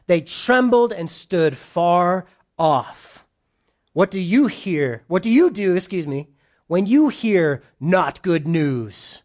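Animated high-voiced male preacher. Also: takes it slowly. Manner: animated, joking with the congregation, swings between loud and soft. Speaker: pastor. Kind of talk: sermon, verse-by-verse Bible teaching.

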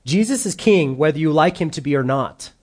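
Animated male pastor preaching. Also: a little high, brisk. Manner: animated, acts out quoted voices. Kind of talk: sermon.

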